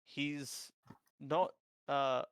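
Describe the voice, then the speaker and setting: A man's voice: medium pitch, steady tone, very slow, clean tone, no echo. A man narrating a tabletop game as dungeon master, rambling with many fillers.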